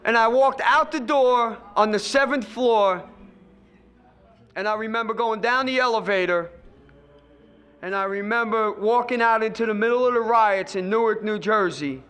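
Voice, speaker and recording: Middle-aged man, recovery speaker; high, bright voice, emphatic and repetitive, addresses the audience directly. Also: normal speed, smooth. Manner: emphatic storytelling, repeats phrases for effect. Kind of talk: personal recovery testimony to an audience.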